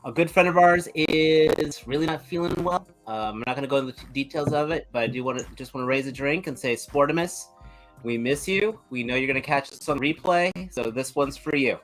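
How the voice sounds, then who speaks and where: A man telling a long joke on a live podcast, slipping into the voices of the people in it. His pitch sits in a middle range. Faint music plays behind him. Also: fairly bright tone, low-quality recording. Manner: storytelling, acting out characters' lines. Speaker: podcast co-host.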